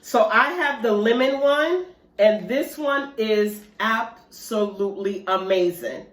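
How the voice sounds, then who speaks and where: A woman's voice: a little high, expressive, slow pace. A woman chatting casually to her viewers in an eating vlog, addressing them directly in a talkative, loose way. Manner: chatty, talks straight to viewers with "y'all". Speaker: mukbang vlogger. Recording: roomy echo.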